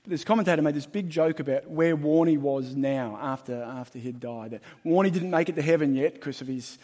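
A man preaching a sermon as pastor, emphatic and shifting between loud and hushed. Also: a little high, fairly quick. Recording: long hall reverb.

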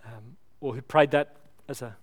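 With a medium-pitched voice and fairly even intonation, a man preaches a sermon at church. The pastor sounds earnest and pleading, building through illustrations and then slowing as he leads the congregation in prayer.

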